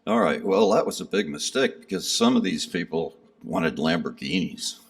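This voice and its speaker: A man tells a rambling, self-deprecating story of his pilgrimage to a gathering hall crowd, full of fillers. His low voice is gravelly and animated at a normal pace, picked up from somewhat far away.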